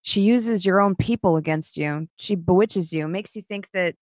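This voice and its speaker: A woman's voice: fairly low pitch, normal speed, no echo, studio quality, close to an everyday voice. A woman voicing a weary, frightened villager in a tabletop game, sighing and hesitant. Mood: worried.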